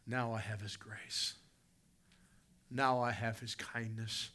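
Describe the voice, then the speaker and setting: Male pastor preaching in church, very forceful bright tone, emphatic, big swings from loud peaks to low asides. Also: level tone, takes it slowly. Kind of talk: preaching a sermon. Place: church service with congregation responding.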